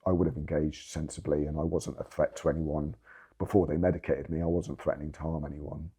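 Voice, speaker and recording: Briskly and in a level tone, a man with a dark, mellow, low and husky voice recounts his story in an interview. His testimony is candid and earnest, full of heavy stress and swearing for emphasis.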